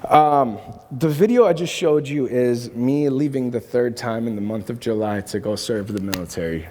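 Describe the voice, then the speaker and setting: A man's voice: medium pitch, moderate pace, dark tone, a little hiss or hum. A man preaching a sermon, telling a personal story in an earnest, emphatic way. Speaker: pastor. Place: church auditorium. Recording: long hall reverb.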